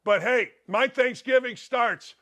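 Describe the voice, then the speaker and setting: A middle-aged man hosts a sports talk show, talking about betting in a rambling, excitable way and breaking into loud shouts. His voice is very high and his pace is slow.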